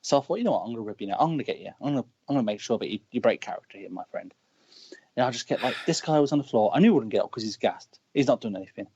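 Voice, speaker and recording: A man with a British accent, a wrestler telling ring stories in casual chat, animated and breaking into shouted lines. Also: medium pitch, very fast, slightly rough. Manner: animated, shouts quoted lines mid-story. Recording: dull lo-fi call audio.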